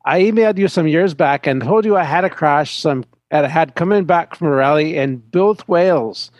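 A man reading a listener's email aloud in a put-on accent, halting and laughing at himself. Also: a little high, darkish tone, dry recording.

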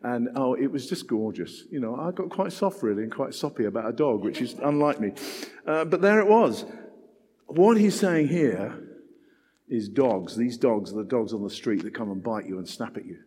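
A man's voice: medium pitch, moderate pace, slightly rough. Older man preaching in echoing hall. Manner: animated, conversational, self-deprecating asides. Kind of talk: sermon.

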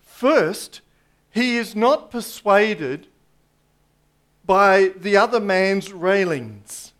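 Slow, high-voiced male preacher. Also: lively intonation. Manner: slow, emphatic preaching with dramatic pauses and drops to a hush. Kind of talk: sermon.

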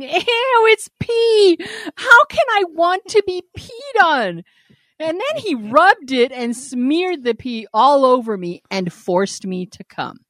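A woman's voice: medium pitch, no room sound. Brief: woman podcast co-host, mid-range voice, reads letters with blunt humor, dry close mic. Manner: laughs often, animated and blunt. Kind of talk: casual chat, reading listener letters aloud.

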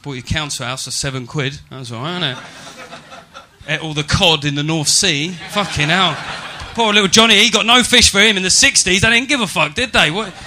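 A man's voice: a little high, a little fast, bright, forceful tone, slight background noise. A man performing a stand-up set in a comedy venue, brash and swearing with mock-serious asides.

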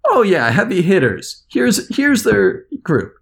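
A man on a podcast as its international correspondent, ranting in an animated, sarcastic way. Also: sits high, slow, gravelly, slightly rough. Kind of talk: podcast chat.

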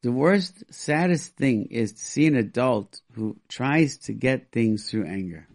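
Man, radio call-in host, gravelly fry, emphatic, advice talk. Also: medium pitch, lively intonation, unhurried, a little mellow. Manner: emphatic, acts out quoted parents.

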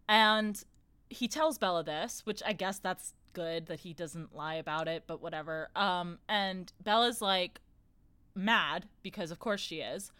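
A woman's voice: lowish voice, measured pace, pushed and bright, clear, resonant tone, no echo. A woman co-hosting a casual book discussion, sarcastic and mocking, acting out characters' lines.

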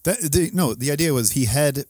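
A man's voice: on the high side, animated, brisk, a little mellow. A podcast co-host, a man, chatting casually and candidly about himself with a self-deprecating, rambling manner. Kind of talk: casual chat.

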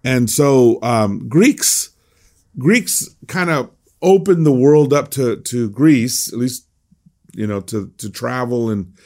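A man's voice: medium pitch, expressive, slow pace, darkish tone. A man teaching a devotional Bible class in a conversational way, often restarting his sentences and reading scripture aloud.

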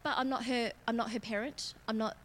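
A woman's voice: fairly high pitch, steady tone, fairly quick, a little hiss or hum. A woman preaching a candid, conversational sermon in church, self-mocking and laughing often. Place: church auditorium.

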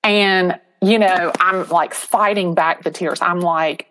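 A middle-aged woman who works as a real estate agent speaks slowly in a lowish voice while telling a story as an interview guest. She's animated and acts out the voices of the people involved.

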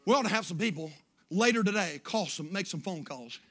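Fervent preacher, high bright voice. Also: male voice, lively intonation, brisk. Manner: storytelling, rising to shouted fervor. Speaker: pastor. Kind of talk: sermon.

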